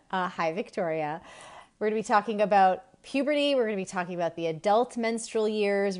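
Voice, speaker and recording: A woman's voice: medium pitch, a little mellow. A woman from Massachusetts in her forties, hosting a live stream on women's health, chatting and laughing as she greets viewers by name.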